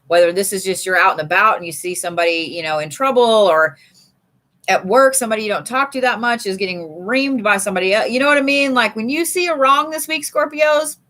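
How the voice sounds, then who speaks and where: A woman's voice: medium pitch, brisk, fairly bright tone. A woman giving a casual live card reading from home, chatty and swearing freely. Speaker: live tarot reader. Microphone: streaming setup.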